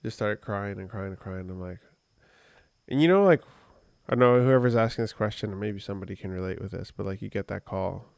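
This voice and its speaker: A man's voice: on the low side, brisk, vocal fry, a little mellow, no echo. A man co-hosting a podcast, telling a personal story in a rambling, conversational way with many fillers. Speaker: podcast co-host. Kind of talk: casual podcast chat.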